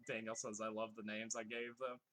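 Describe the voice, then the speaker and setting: Bright-voiced man streaming a game. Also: on the low side, level tone, a little fast. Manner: swears freely, laughs often, joking exasperation. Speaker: live streamer. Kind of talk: casual gameplay commentary, reading chat aloud.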